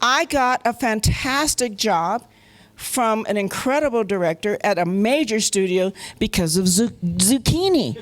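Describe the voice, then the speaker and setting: Older woman, panel guest, comic storytelling, animated, gruff put-on voices. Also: medium pitch, measured pace. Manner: animated, swaps into gruff male voices for quotes. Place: convention panel room.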